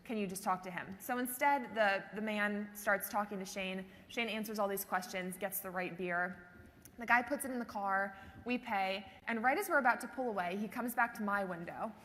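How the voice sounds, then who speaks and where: A woman from Minnesota co-presenting at a conference, telling stories in an animated, amused way. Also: medium pitch, normal speed. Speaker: conference co-speaker. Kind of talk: lively storytelling to a live audience. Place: large conference hall. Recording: reverberant hall with faint ambient noise.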